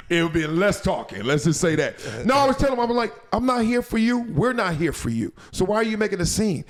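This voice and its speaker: A man hosting a podcast, telling a story in casual chat, animated and laughing as he acts out quotes. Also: high voice. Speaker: podcast host.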